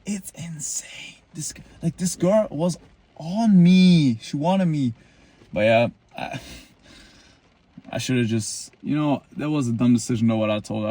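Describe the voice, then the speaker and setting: A man's voice: mid-range voice, darkish tone, no room sound. A man in his twenties telling a story to a camera outdoors in the cold, rambling and boastful, full of likes and restarts. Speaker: vlogger.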